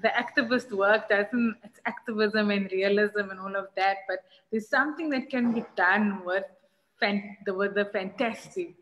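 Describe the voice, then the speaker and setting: A woman's voice: medium pitch, normal speed, fairly bright tone, lo-fi sound, slight background noise. Casual woman moderator, echoing hall. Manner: enthusiastic, casual, uses slang. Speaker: panel moderator. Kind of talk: panel discussion.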